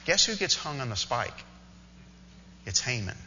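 A man preaches a sermon with a very bright, sharp voice. He tells the story in an animated way, with quick asides to the congregation. The sound is a little dull and carries the long reverb of a hall. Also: mid-range voice, a little hiss or hum. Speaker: pastor.

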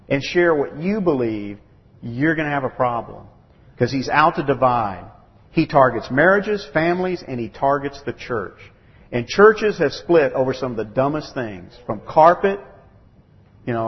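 A man's voice: mid-range voice, animated, moderate pace. Guy preaching to men, punchy emphasis, muffled lo-fi audio with hall echo. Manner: emphatic preaching, acting out quoted voices. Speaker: pastor. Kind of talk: sermon to a men's gathering. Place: church or meeting room.

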